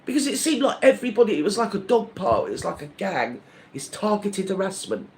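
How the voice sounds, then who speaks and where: High, lively ranting man. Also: fairly quick, a little hiss or hum. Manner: indignant, gossipy, rambling with many restarts. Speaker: live-stream host. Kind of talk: rambling live-stream rant.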